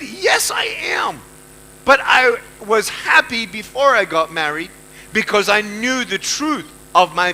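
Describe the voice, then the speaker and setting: A man's voice: very high-pitched, bright, forceful tone, rough recording. A man with an Australian accent giving an emphatic motivational speech to a live audience, repeating lines for effect. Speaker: motivational speaker.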